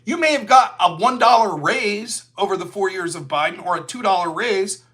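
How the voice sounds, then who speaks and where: A man's voice: high-pitched, animated, normal speed, a bit bright. A man hosting a solo political commentary show, sarcastic and mocking, who slips into silly voices to mimic his opponents. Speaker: show host.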